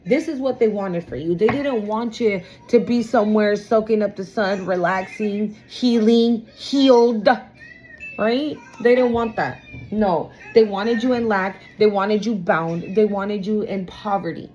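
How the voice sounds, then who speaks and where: A woman's voice: medium pitch, measured pace, a little mellow, lo-fi sound, slight background noise. A woman giving a casual tarot reading to her viewers, blunt and emphatic, swearing freely and calling them y'all. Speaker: tarot reader.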